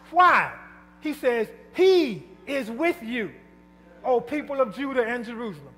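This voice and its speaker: A pastor preaching an emphatic, rhythmic call-and-response sermon in a church sanctuary. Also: male voice, very high voice, expressive, measured pace, pushed and bright. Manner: emphatic, rhythmic preaching with repeated calls to the congregation. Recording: long church reverb with music behind.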